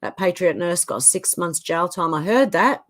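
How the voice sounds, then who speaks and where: An Australian woman hosts a casual livestream, reading out each viewer's name and comment one after another. Her voice sits a little low for a woman. Her delivery is chatty and easygoing. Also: animated, moderate pace. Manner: casual, chatty, reads names and comments in turn. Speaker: livestream host. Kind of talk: reading live chat comments aloud.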